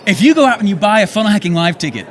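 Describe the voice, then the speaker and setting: A young man giving an energetic, excitable motivational talk to an audience on a handheld microphone, often tagging his points with "okay?". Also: high voice, some chatter behind. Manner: energetic, excitable, fast-talking with frequent "okay?" tags. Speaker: event speaker.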